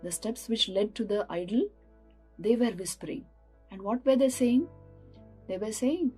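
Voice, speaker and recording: Husky-voiced woman, preaching. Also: medium pitch, normal speed, pauses often, mellow, soft background music. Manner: earnest, storytelling, asks rhetorical questions. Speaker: monastic spiritual speaker. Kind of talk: sermon.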